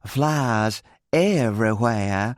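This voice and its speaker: A man's voice: medium pitch, lively intonation, takes it slowly, no room sound, studio quality, voice pushed up. A man doing a drawling Southern belle. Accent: American Southern. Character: middle-aged woman, drawling Southern belle, genteel.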